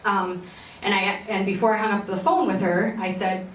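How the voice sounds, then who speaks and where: A woman's voice: mid-range voice, steady tone, moderate pace, a bit bright, recorded from a distance. A young adult woman hosting a podcast, earnestly telling a long personal story, rambling with many fillers and restarts. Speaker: podcast host. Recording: roomy echo, voice a bit off-mic, faint background noise.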